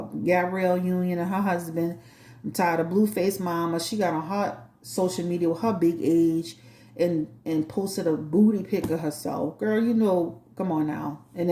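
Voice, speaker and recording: Sassy new orleans lady hosting a tarot channel, lowish mellow voice, echoey room. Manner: blunt, sassy and chatty. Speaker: tarot reader and channel host. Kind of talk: casual talk to a live chat.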